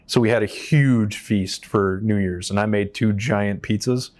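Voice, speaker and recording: A man from the United States tells his story as an interview guest, speaking in a fairly low voice. His telling is animated and profane, and he acts out the lines of the people he quotes. He is seated on a stage inside a shop. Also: a little slow.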